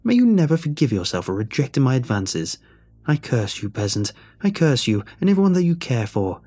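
A man voicing a cruel old hag woman who creaks and rasps, mock-gentle and cackling. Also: medium pitch, sing-song, normal speed, full character voice. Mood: cursing. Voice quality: creaking, rasping.

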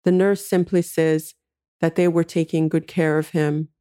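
Low, mellow woman narrating a story. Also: flat delivery, unhurried. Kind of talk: scripted literary narration.

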